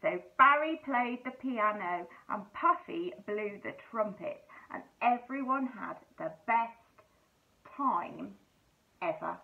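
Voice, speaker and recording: A woman teacher reading a picture book aloud to children, animated and asking them questions. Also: mid-range voice, slow pace, vocal fry. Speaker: primary school teacher. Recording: tinny phone-like sound.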